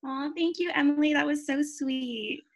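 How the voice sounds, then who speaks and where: A woman's voice: high-pitched, moderate pace. A woman guesting on a podcast who speaks in a heartfelt, gushing way, with many "um"s and "like"s. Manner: warm, heartfelt, lots of "um" and "like". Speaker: podcast guest, event host. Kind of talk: casual podcast chat.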